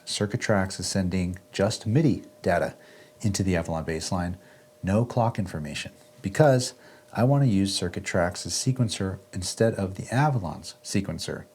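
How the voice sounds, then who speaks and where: Chatty low-voiced man demoing synth gear. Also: breathy edge. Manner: relaxed, chatty, says "right?" often. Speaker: music gear video host. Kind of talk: casual gear walkthrough. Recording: faint synth music underneath.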